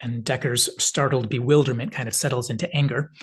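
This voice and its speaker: A man's voice: mid-range voice, steady tone, a little fast, breathy edge. A man hosting a film analysis video, casually retelling scenes with lots of hedging filler words. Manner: rambling retelling full of "kind of" hedges. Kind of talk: casual video essay narration.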